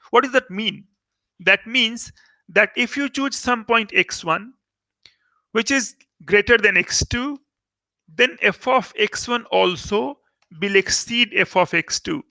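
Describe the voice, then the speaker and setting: A man's voice: high-pitched, creaky, pushed and bright, no echo. A man with an Indian English accent teaching calculus in a recorded lecture, explaining step by step and repeating key words for emphasis. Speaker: maths teacher.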